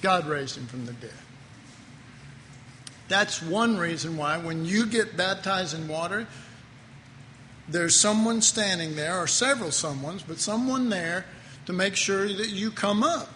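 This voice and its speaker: The preacher has a high, animated voice with a sharp tone, moving a little slowly and leaving long pauses. He talks in a loose, chatty way, breaking off his own sentences and chuckling at his jokes. Faint noise and hall echo surround him.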